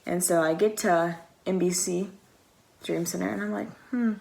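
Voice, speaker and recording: Chatty young woman with a gravelly, low voice. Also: steady tone, normal speed, a little mellow, a little hiss or hum. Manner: rambling and chatty, heavy use of "like"; acts out quoted exchanges. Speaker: vlogger. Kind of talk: casual storytime vlog.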